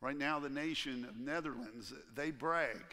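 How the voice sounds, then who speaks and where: A man preaching a sermon as pastor in a church, animated and acting out the voices he quotes. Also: mid-range voice, measured pace, in a large hall. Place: church sanctuary.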